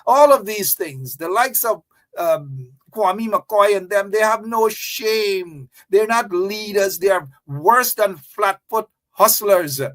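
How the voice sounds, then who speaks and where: A man's voice: high voice, slow pace, fairly bright tone. A man giving opinionated political commentary, emphatic and repetitive, with a scornful edge.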